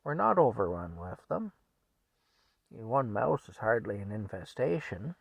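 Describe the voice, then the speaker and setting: A calm middle-aged farmer, as a storyteller puts him on, answering in an unbothered deadpan. The voice is gravelly and dry, and he does not hurry his words. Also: a little high, a little slow, dry recording, dull audio, pitched above the performer's own voice, full character voice. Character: calm, nonchalant old-time farmer, middle-aged man.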